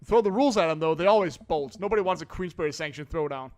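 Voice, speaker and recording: A man voicing a brash, drunk middle-aged film buff who rants loudly with a slurred voice. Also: a little high, fast, lightly acted. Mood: boastful. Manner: slurring drunk voice, loud and ranting.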